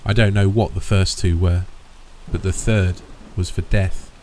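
A man voicing a grave, solemn old soldier who speaks slowly and warns of danger. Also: deep voice, fairly even intonation, a little mellow, slight background noise, rough recording. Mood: solemn warning. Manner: slow and solemn.

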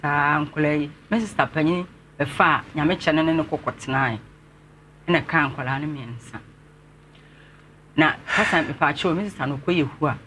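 A Ghanaian man speaks as an interview guest, slightly high and bright in tone. He talks earnestly and respectfully, with faint ambient noise behind him. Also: moderate pace. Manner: earnest, respectfully addressing the host. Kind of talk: telling his life story in an interview.

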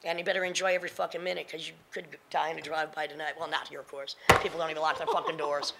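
Gravelly, blunt, profane woman in her fifties. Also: deep voice, flat delivery, very fast, noisy background. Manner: blunt, profane, emphatic and confrontational. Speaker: panelist and spoken word performer. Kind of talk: blunt panel talk. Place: lecture hall panel with audience.

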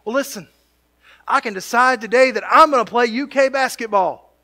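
A man's voice: very high voice, a little fast, bright, forceful tone. A male pastor preaching a sermon in a church, mixing jokey asides with rising, emphatic build-ups. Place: church sanctuary.

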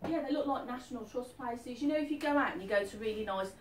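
A woman in her fifties, a medium speaking to a live audience in a chatty, animated way, often checking that her listener follows. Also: a little high, quick pace, slight background noise. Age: 50s. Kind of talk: live stage reading to an audience. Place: event hall. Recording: echoey hall, distant mic.

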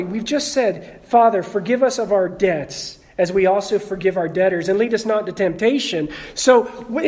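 Conversational preacher joking with congregation. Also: male voice, high voice, a little mellow. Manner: conversational, calls on the congregation with questions and jokes. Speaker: pastor. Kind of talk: sermon. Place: church sanctuary.

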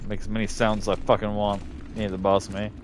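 A man's voice: fairly low pitch, little pitch movement, quick pace, slight background noise. A man streaming a horror game live, talking it through in a put-on English accent, swearing freely and chatting to the monsters. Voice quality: mock Cockney-style voice, swears freely, talks to himself and the monsters. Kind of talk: live gameplay commentary.

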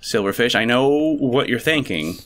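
Excitable joking man with lively pitch. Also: normal speed. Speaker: host. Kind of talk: casual gaming commentary.

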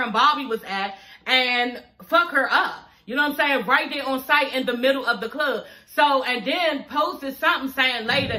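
A woman casually recapping a reality show in a profane, animated way, often saying "you know what I'm saying". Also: on the high side. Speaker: TV recap vlogger.

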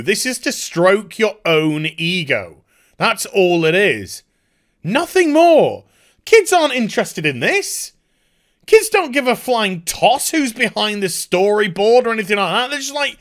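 A man's voice: high voice, sing-song, measured pace, fairly bright tone. A man, a YouTube commentator, giving a sarcastic, exasperated rant with some swearing. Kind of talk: ranting commentary.

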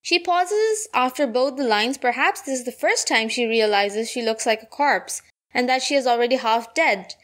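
A woman reading out an analysis of a poem, slowing down for the quoted lines. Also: a little high, animated. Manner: reads quoted lines slower and softer. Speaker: poetry analysis narrator. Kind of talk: read-aloud literary analysis.

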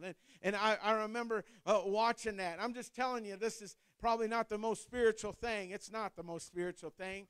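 High-voiced pastor with a crisp, dry sound. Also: male voice, steady tone, brisk, few pauses, a bit bright, dry recording. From Ohio, USA. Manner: conversational storytelling with frequent restarts and fillers; rises to a fervent preaching delivery. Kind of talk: sermon.

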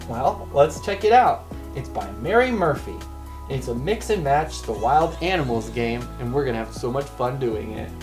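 A woman's voice: very deep voice, darkish tone. A woman hosting a children's bedtime story show, reading picture books aloud in a playful, encouraging way that invites the listener to join in.

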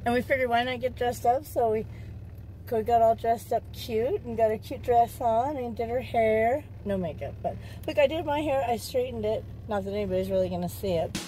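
A woman's voice: a little high, steady tone, normal speed, mellow, slight background noise. A mother chatting playfully and upbeat in a casual family vlog, recorded in a parked car. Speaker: vlogger and mother.

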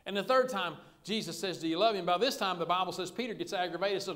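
A pastor preaches in a relaxed, joking, conversational manner. His voice sits high for a man. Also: fast talker, few pauses. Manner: folksy, conversational preaching with humor. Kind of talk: sermon.

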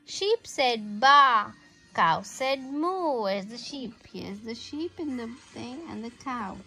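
A woman reading a picture book aloud to her child in a slow, sing-song way, making the animal sounds. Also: on the high side, expressive, a bit bright, soft background music.

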